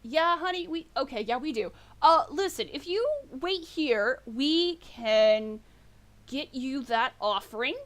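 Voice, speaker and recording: A woman's voice: sits high, fairly bright tone. A woman voicing a flustered male orc farmer who stammers nervously and apologizes.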